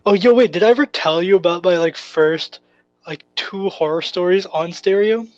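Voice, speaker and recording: A man's voice: high-pitched, normal speed, darkish tone, no echo, dull audio. A young man from Canada co-hosting a podcast, chatting casually and telling a rambling, swear-filled story. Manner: rambling, swears often, laughs through stories. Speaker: podcast co-host.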